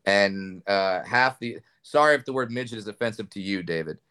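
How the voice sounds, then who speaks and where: A man's voice: lowish voice, moderate pace, pushed and bright, clear, resonant tone. A man, a comedian guest, telling candid stories in a casual interview with frequent restarts.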